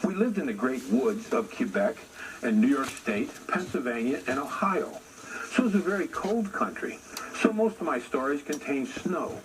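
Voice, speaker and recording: A man telling a traditional animal story in an unhurried way, speaking directly to his listeners, in a noisy recording. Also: mid-range voice, expressive. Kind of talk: oral storytelling for an audience.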